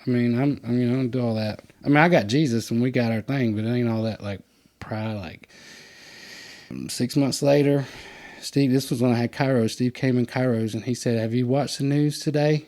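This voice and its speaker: A man, hosting a podcast and telling stories in a casual, animated way, putting on higher voices for the people he quotes. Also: moderate pace. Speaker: podcast host. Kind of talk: casual storytelling chat.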